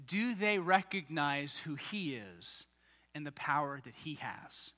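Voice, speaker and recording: Animated preacher in an echoing hall. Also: male voice, fairly high pitch, slow. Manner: animated, acts out quoted voices. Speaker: pastor. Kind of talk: sermon. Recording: long reverb of a large hall.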